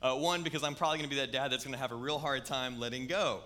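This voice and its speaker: A man's voice: mid-range voice, fairly even intonation, very fast, sharp tone, slight background noise. A man, preaching a sermon in a conversational, storytelling way. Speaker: pastor.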